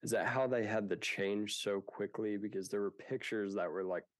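Low-voiced, easygoing man on a dry mic. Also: normal speed, no echo. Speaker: podcast co-host. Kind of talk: casual podcast chat.

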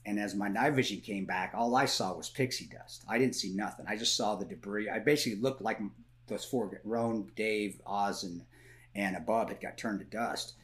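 A man's voice: on the low side, moderate pace, fairly bright tone. A man as a podcast guest, telling stories in casual conversation, blunt and swearing, often restarting and repeating words.

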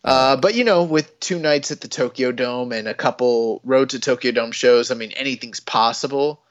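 A man's voice: medium pitch, normal speed, dry recording, muffled recording. A man co-hosting a casual wrestling podcast, talking in rambling runs full of fillers and restarts. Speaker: podcast co-host.

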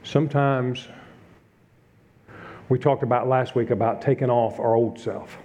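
A man's voice: medium pitch, fairly even intonation, unhurried, long pauses, warm tone, highs cut off. A middle-aged male pastor preaching a conversational sermon, telling a self-deprecating story and acting out his own frustration.

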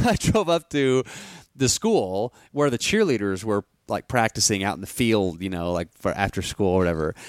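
A man's voice: fairly low pitch, dry recording. Male podcast co-host, casual storyteller, rambles with lots of fillers, dry close sound. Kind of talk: casual chat.

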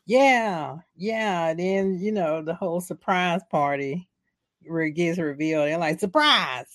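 A woman with a fairly low voice chats casually about a film's plot. She talks animatedly and slips into the characters' voices as she recaps. The sound is dry and close. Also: a little slow, no echo. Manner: animated, acts out characters' lines with laughs. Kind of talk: casual movie recap chat.

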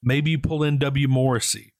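A man's voice: medium pitch, fairly even intonation, moderate pace, no echo. Enthusiastic man in casual podcast chat. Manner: enthusiastic, emphatic. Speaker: podcast co-host.

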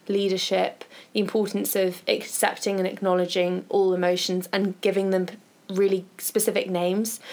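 A woman's voice: medium pitch, vocal fry. A woman co-hosting a podcast, chatting casually and recommending books and podcasts in a conversational, thinking-aloud way. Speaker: podcast co-host.

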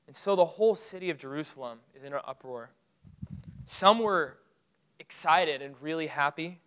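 A man preaching a sermon, retelling a Bible story with rising excitement and dropping to hushed, solemn tones. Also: fairly high pitch, normal speed, clean tone, low-quality recording. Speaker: pastor.

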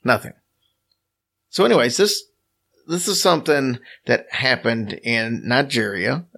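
Man, podcast co-host, casual storytelling, wry jokes, gravelly voice. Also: mid-range voice, lively intonation, unhurried, fairly bright tone. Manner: wry, joking, recounts a story from his notes.

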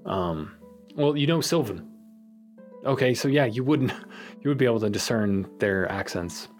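A man narrating as game master of a tabletop game, rambling and halting as he thinks. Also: medium pitch, animated, faint music behind. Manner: rambling, halting, full of fillers.

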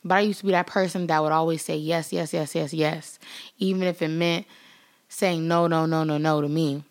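A woman's voice: deep voice, fairly even intonation, normal speed. A woman vlogger giving a motivational talk to her viewers, repeating phrases for emphasis and acting out the voices she quotes. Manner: speaks straight to viewers, acts out quoted voices; laughs now and then. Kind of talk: motivational vlog talk to camera.

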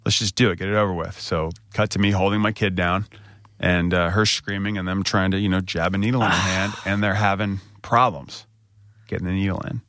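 American man, podcast co-host, low-pitched bright voice, dry close sound, candid and animated storytelling. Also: normal speed, dry recording. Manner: candid, animated when quoting people. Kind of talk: casual storytelling chat.

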